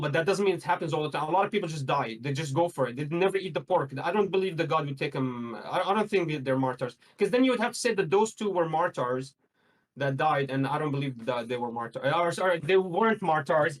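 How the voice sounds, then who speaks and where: Man guest in a heated debate, fairly high voice, insistent, repeats points, emphatic bursts. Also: rough recording. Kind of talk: heated debate on religion and morality.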